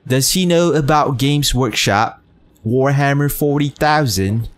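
A man with a mid-range voice speaks at a measured pace while streaming a game. He gives casual gameplay commentary, reads and teases his chat, and fills his talk with fillers and swearing.

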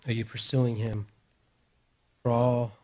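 A man preaching a sermon as pastor, moving between raised, emphatic declarations and hushed, near-whispered reassurances. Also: mid-range voice, flat delivery, slow, slight background noise.

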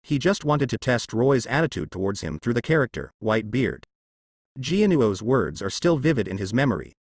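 A man narrating translated fan fiction as an audiobook, in a steady storytelling manner. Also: medium pitch, normal speed, husky, no room sound, studio quality.

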